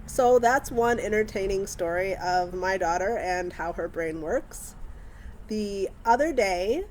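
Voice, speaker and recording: A woman's voice: mid-range voice, takes it slowly, slight background noise. Wry young woman telling family stories. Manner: wry, animated, acts out the dialogue. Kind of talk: casual anecdotal storytelling.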